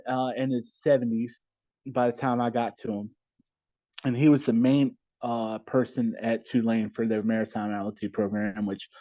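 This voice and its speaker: A middle-aged man, a maritime attorney and podcast guest, telling blunt, animated stories in casual conversation. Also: medium pitch, no room sound. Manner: blunt, animated anecdote teller. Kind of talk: casual storytelling interview. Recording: dull, slightly lo-fi dry sound.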